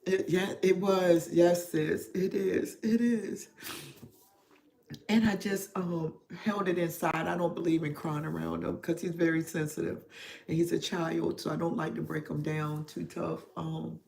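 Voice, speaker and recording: Emotional middle-aged woman, slow confiding talk. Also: lowish voice, level tone, creaky, mellow. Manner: slow, reflective, heavy with pauses and fillers. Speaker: spiritual therapist hosting a livestream. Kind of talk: confessional livestream talk.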